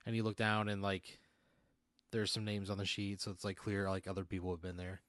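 A man narrates an improvised role-play scene as game master, rambling and full of fillers. His voice sits fairly low. The sound is dry and close. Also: level tone, fairly quick, a bit bright, no room sound.

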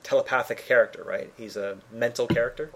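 Casting: Canadian man, animated co-host, casual hobby-podcast banter. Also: medium pitch, fairly quick, background noise. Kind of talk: casual chat about collectible miniatures game.

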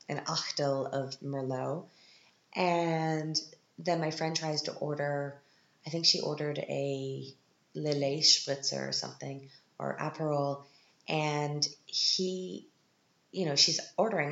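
A woman podcast host telling chatty stories from her week in a casual monologue, animated, with sudden high-pitched quoted reactions. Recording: roomy, muffled home recording.

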